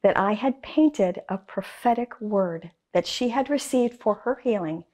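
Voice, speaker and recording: Female guest, enthusiastic storyteller, emphatic, mid-pitched voice. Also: animated, a little slow, a little mellow. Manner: enthusiastic, emphatic, with repeated phrases. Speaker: guest artist. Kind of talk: interview storytelling.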